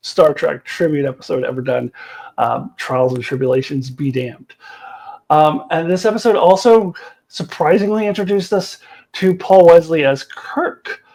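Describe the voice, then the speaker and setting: Woman, casual video reviewer, passionate and blunt, quick laughs. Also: low-pitched, darkish tone, low-quality recording. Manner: enthusiastic, opinionated, laughs often, blunt with swearing. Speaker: TV show reviewer.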